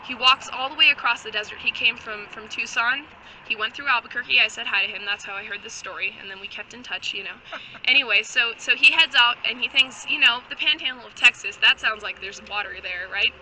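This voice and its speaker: Bright-voiced woman rambling through a comic tale. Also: a little high, a little fast, a little hiss or hum, low-quality recording. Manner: rambling, deadpan, many restarts and asides. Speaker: storyteller. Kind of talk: improvised comic storytelling.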